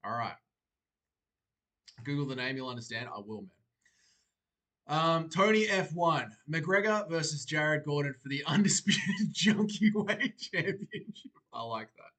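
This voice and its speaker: A young man hosting a livestream, reading viewers' comments aloud and answering them in a relaxed, chatty way. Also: on the high side, a little slow. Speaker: livestream host. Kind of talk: casual chat reacting to live chat.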